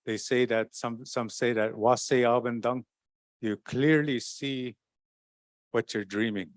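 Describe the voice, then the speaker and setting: A man speaking at a forum, telling a traditional story in a halting, repetitive, relaxed way. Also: medium pitch, no echo. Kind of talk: oral storytelling talk.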